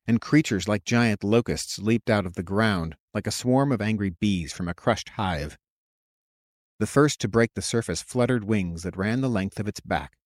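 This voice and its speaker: A man narrating a fantasy novel as an audiobook, in a measured storytelling manner on a close mic. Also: on the low side, no room sound.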